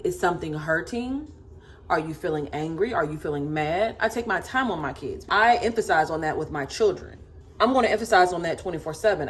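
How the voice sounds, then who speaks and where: A woman in her thirties, a mother of four, ranting to camera in an emphatic, sassy way and repeating herself for stress. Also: fairly low pitch.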